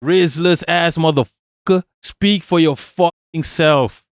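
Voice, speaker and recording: A man's voice: fairly high pitch, slow pace, clear, resonant tone, dry recording. A man's slightly raised voice, recorded close and dry with no room around it. He streams a casual reaction, swearing often and picking things apart with rhetorical questions. Short laughs break up his mocking riffs.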